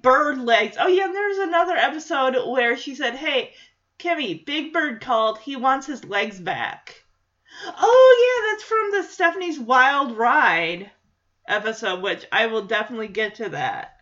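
A woman's voice: high-pitched, sharp tone. A woman chatting casually as a podcast host, rambling and thinking aloud with lots of restarts. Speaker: podcast host recapping a sitcom episode. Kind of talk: casual chat. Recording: dull lo-fi recording.

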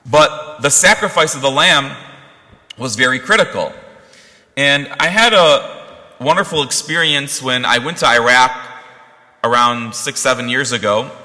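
A man, a priest, delivers a casual, story-driven sermon in a middle pitch, often checking in with his listeners. His tone is strikingly bright and sharp. The sound carries a long reverberant church tail. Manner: conversational, storytelling with asides.

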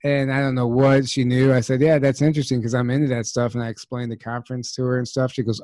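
Man telling a story in lively chat. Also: mid-range voice, fast, hardly any pauses, dry recording. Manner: animated storyteller, repeats "I said". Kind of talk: casual conversation.

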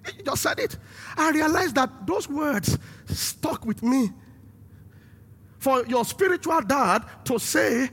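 A man preaching a sermon as pastor and host, emphatic and rising to shouts to stress his points. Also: very high-pitched, animated, slow pace, creaky.

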